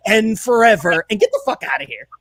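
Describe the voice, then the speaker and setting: A man's voice: high-pitched, sing-song, fairly quick, fairly bright tone, no echo. A man co-hosting a sports and beer podcast, ranting in casual profane banter and acting out mock quotes. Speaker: podcast co-host.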